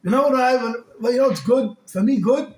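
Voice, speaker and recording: Give me a man preaching a lively sermon in a reverberant synagogue hall. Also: very high voice, a little fast. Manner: animated, rising to shouts, heavy use of Hebrew and Yiddish terms. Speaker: rabbi. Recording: echoey hall.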